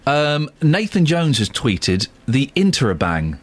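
A man's voice: medium pitch, unhurried, a little hiss or hum. A middle-aged man hosting a radio show in casual, jokey chat. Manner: jokey, lively, mock-outraged. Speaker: radio host.

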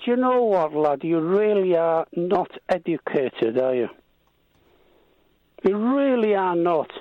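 A Welsh caller with a very high, lively voice argues back hard and keeps calling the host lad. The line is dull and muffled, like a phone-in call. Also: male voice, slow pace, no echo. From Wales. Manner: combative, keeps calling the other man lad. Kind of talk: heated phone-in argument.

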